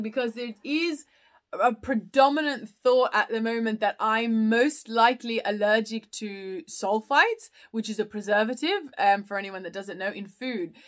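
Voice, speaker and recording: A woman's voice: on the high side, fairly bright tone. A woman hosting a casual live chat, answering viewer questions in a rambling way with many fillers and restarts.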